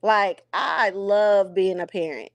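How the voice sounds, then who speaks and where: A woman's voice: mid-range voice, fairly even intonation, slow, no echo. A woman in a casual chat, speaking, telling a long story and acting out past conversations. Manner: talks at length, acts out past conversations.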